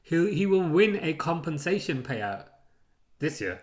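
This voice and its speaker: A man's voice: a little high, very animated, unhurried. A man hosting a live football watchalong, chatting casually, rambling and chuckling as he reads out chat messages.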